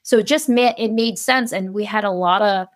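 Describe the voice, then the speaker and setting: Animated woman researcher on a podcast. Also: mid-range voice, normal speed, dry recording, clean studio sound. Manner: animated, acts out quoted voices, laughs often. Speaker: guest researcher. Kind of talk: conversational podcast interview.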